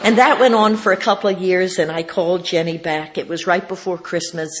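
Low-voiced woman telling a recovery story. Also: steady tone, a little fast. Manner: folksy, wry, acts out quoted dialogue. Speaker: recovery meeting speaker. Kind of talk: personal storytelling talk.

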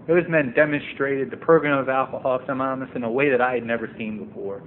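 A man's voice: mid-range voice, steady tone, fast talker, hardly any pauses. A man sharing his personal recovery story at a meeting, earnest and building to emphatic passages. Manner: earnest, rising to emphatic and impassioned. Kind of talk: personal testimony talk. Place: meeting room. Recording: tinny phone-like recording, faint noise.

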